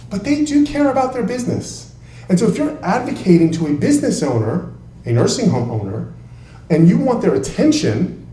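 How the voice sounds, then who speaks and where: A man who is a trial lawyer, giving an emphatic talk to an audience in a large room, heard from a distant mic. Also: high-pitched. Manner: emphatic and animated, with quick bursts. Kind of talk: presentation to an audience. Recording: echoey room, voice from far off.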